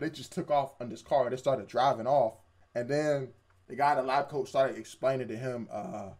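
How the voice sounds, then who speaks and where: A young man in casual chat, retelling an anime episode with quoted voices and laughs. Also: mid-range voice. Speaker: co-host reviewing anime.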